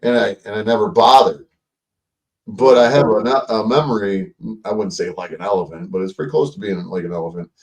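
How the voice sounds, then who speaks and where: A man's voice: lowish voice, fairly even intonation, a little fast, darkish tone, far from the mic. A man hosting a casual livestream, rambling and swearing, with lots of fillers and restarts. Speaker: livestream host.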